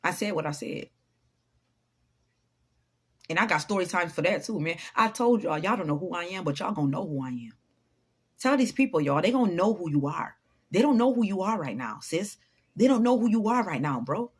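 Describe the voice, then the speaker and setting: A woman's voice: fairly low pitch, lively intonation, a little fast, pauses often, breathy edge. A woman giving an unscripted motivational talk to her followers, blunt, profane and preachy. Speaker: motivational vlogger.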